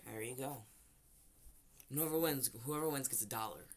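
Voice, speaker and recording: A man's voice: medium pitch, moderate pace. A young man explaining a game in a casual vlog chat, rambling with fillers and teasing, with faint background noise. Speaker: vlogger.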